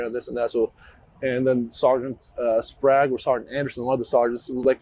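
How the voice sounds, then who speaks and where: Male officer in a recorded interview; mid-pitched, halting delivery full of restarts. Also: flat delivery, mellow, low-quality recording. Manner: halting, with frequent restarts and fillers. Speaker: police officer giving a statement.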